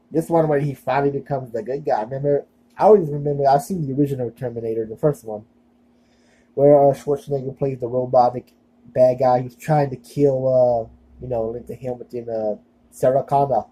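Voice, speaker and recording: Dark husky-voiced rambling young man. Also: mid-range voice, steady tone, normal speed, poor audio. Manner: rambling, filler-heavy, self-deprecating. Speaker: vlogger. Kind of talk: casual rambling video monologue.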